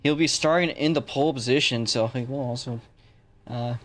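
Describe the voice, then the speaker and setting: A man's voice: mid-range voice, normal speed. A man hosting a racing stream who interviews drivers in a joking, offhand way. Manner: joking, offhand, loose questions. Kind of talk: casual live-stream interview.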